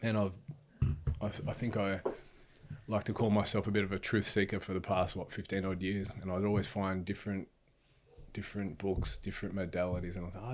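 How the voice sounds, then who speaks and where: A man's voice: sits low, little pitch movement, fairly quick. A man in his thirties, a podcast guest telling his story in an earnest, rambling way, full of restarts and "bro". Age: 30s. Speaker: podcast guest, speaker and author. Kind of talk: casual storytelling chat.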